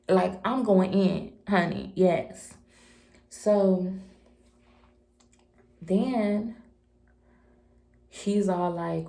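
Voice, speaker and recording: Gravelly, heated woman in her twenties. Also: lowish voice, takes it slowly. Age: 20s. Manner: heated, profane, animated storytelling. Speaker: vlogger. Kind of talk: storytime vlog. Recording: echoey room.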